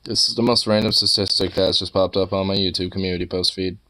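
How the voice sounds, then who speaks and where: A young man streaming in a bright, forceful voice, rambling loosely and swearing freely. He laughs often and scolds his dog. Faint noise sits underneath. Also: sits low, fairly even intonation, fast talker, poor audio. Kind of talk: casual chat.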